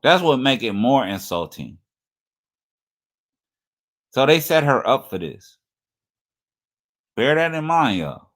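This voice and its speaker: A man's voice: mid-range voice, sing-song, takes it slowly, long pauses, fairly bright tone. Guy doing mocky reaction commentary, sarcastic and taunting. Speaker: stream commentator.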